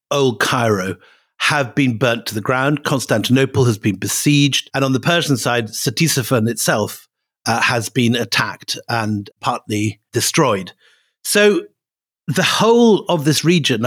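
Measured, husky older man. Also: medium pitch. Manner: measured, deliberate explaining. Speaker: podcast co-host and historian. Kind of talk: history podcast conversation.

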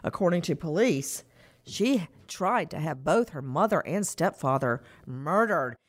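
Animated woman host of a true crime show, sarcastic, quick to laugh, lively pitch.

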